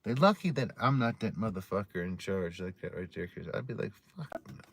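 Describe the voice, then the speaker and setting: A man's voice: fairly low pitch, fairly quick, no room sound. Profane, rambling man on a livestream. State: drinking beer. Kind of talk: casual storytelling chat to a live audience.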